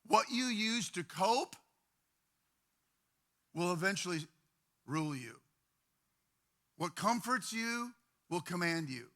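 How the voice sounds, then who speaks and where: Bright-voiced male pastor preaching. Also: high-pitched, animated, takes it slowly, long pauses. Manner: conversational preaching, with repeated phrases and sudden drops to quiet, intimate tones. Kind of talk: sermon. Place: church.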